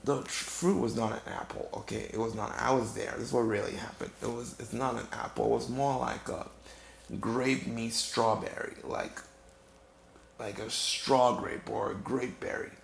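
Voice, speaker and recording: In an echoey room with faint background noise, a tired, yawning comedic storyteller improvises a funny monologue. His gravelly, mid-range voice keeps a steady tone while he rambles and halts, full of fillers and false starts.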